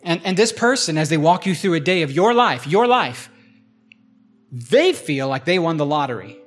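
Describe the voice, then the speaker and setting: A man's voice: a little high, sing-song, moderate pace, soft background music. A man preaching a conversational sermon as pastor, slipping into imagined voices as he talks.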